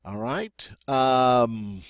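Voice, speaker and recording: A man's voice: medium pitch, drawn-out words, no echo, studio quality. A man teaching a French pronunciation lesson, patiently repeating words and checking in with "all right?".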